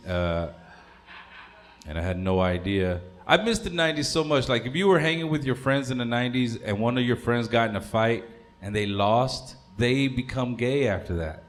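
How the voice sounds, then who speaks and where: A man's voice: fairly low pitch, normal speed. A man in his thirties doing a stand-up comedy set, rambling and crude, stopping on fillers. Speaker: stand-up comic.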